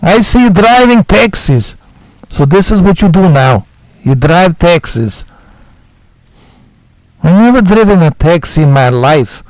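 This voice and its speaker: A man doing an impression of a brash, grumbling male Eastern European immigrant for his friends, in a loud, complaining put-on delivery. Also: sits high, expressive, measured pace, pauses often, no room sound, pitched above the performer's own voice, rough recording.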